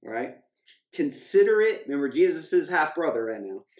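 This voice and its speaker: A man, a financial coach, giving an emphatic motivational scripture talk, repeating key phrases and slowing down to read verses. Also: medium pitch, expressive. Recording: echoey room.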